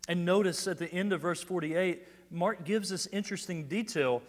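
A man preaching a sermon, explaining scripture verse by verse, building to emphatic peaks and dropping to quiet asides. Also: high voice, moderate pace, in a large hall. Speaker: pastor.

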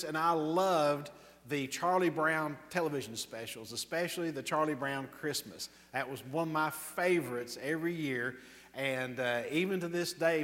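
A man preaching as pastor at an evening church service, in an earnest, warm manner, reading scripture aloud and praying softly. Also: fairly high pitch. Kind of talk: sermon. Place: church sanctuary. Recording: reverberant church hall.

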